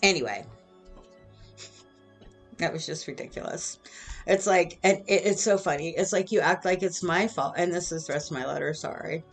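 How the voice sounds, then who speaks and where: Lowish voiced middle aged woman ranting sarcastic at her old bosses, faint music behind. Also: moderate pace, long pauses, husky. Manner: indignant, sarcastic, with bitter laughs. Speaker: vlogger. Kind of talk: venting monologue to former bosses. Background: soft music.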